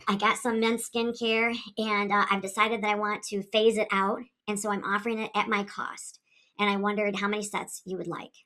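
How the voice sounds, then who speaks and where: A woman's voice: medium pitch, level tone, moderate pace, sharp tone. A woman giving sales advice in an upbeat, coaxing way, often checking in with "okay?". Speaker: direct sales consultant. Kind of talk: advice video.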